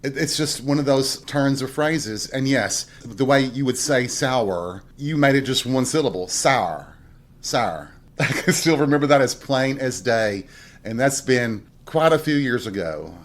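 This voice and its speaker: A man's voice: mid-range voice, expressive, normal speed. A middle-aged man from Tennessee with a Southern accent, hosting a casual solo podcast and telling folksy stories with chuckling asides. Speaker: podcast host.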